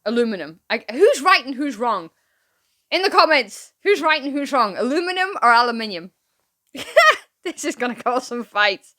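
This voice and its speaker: A British woman hosting a reaction video, chatty and quick to laugh and exclaim. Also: sits high, expressive, bright, forceful tone. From Britain. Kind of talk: casual reaction commentary.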